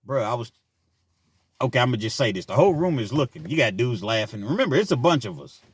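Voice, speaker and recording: A middle-aged man casually telling a personal story, laughing often and swinging between loud bursts and quiet asides. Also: mid-range voice, sing-song, fast talker, breathy edge, dry recording. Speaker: storyteller vlogger.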